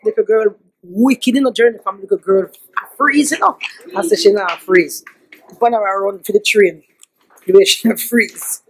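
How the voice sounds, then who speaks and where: A woman's voice: medium pitch, normal speed, breathy edge, rough recording. A woman with a Jamaican accent, chatting casually to her vlog audience on a handheld phone as she walks through streets and a subway station, mixing in patois and laughing often. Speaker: family vlogger. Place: city streets and subway station, outdoors and indoors.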